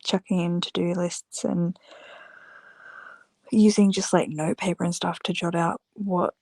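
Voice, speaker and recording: A tired, yawning woman chats casually to camera with a slow, unhurried delivery full of fillers. Her voice has a gravelly, creaky edge. The sound is close and dry, with no room around it. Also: on the low side, flat delivery, darkish tone, no echo. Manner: rambling, many fillers, unhurried. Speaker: small-business candle maker vlogger.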